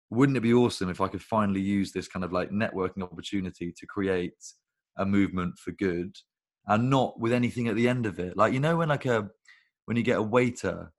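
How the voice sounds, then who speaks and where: Deep-voiced man telling rambling stories. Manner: rambling, swears freely, animated storytelling. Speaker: guest, recruitment business founder. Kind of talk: casual conversational interview. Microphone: video call.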